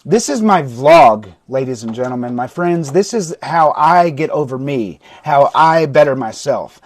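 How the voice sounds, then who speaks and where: A man streaming live as a recovery coach, talking bluntly to his viewers and swearing often, with sudden shouting and long stretches of quieter, softer talk. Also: medium pitch, animated, unhurried, few pauses, no echo. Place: indoors, livestream. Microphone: phone or webcam mic.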